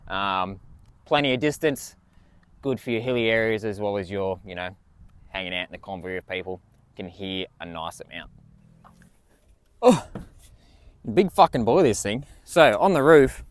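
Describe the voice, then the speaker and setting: A man's voice: mid-range voice, clean tone. A man walking through his vehicle build in a casual, enthusiastic way, swearing freely. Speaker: vlogger.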